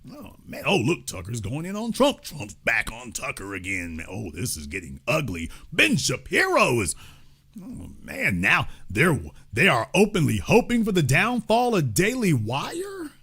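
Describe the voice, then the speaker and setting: A middle-aged man delivers a heated political monologue as host. His voice sits a little high and swoops with lively intonation. He sounds emphatic and sarcastic, jumping from loud outbursts to low muttered asides. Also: unhurried, husky.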